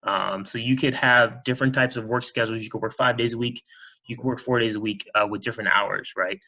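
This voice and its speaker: Bright-voiced man presenting casually. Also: mid-range voice, steady tone, fairly quick. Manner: casual, many "um" fillers, explanatory. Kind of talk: presentation over video call.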